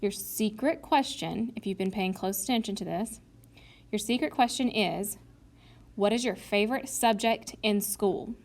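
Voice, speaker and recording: A woman's voice: medium pitch, a little slow, a little mellow. A woman teacher recording a video lesson for her students, explaining step by step and acting out both sides of an argument.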